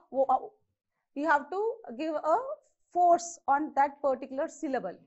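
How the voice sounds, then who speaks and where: A woman's voice: high voice, highs cut off. A woman with an Indian English accent teaching a grammar lesson, repeating herself and checking in with her students often. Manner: repetitive, checks in with "okay" and "isn't it".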